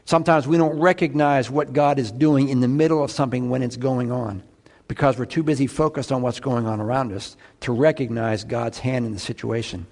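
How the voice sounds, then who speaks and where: A man preaching a sermon, asking the congregation questions, getting loud on emphatic lines and dropping low and quiet on others. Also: steady tone, a little fast. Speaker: pastor.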